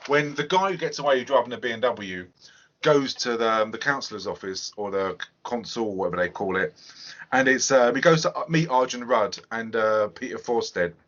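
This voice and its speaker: A man hosting a podcast, chatting casually about a film in a rambling, animated way and swearing freely. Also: mid-range voice, normal speed. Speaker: podcast host. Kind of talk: casual film review chat. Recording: muffled podcast audio.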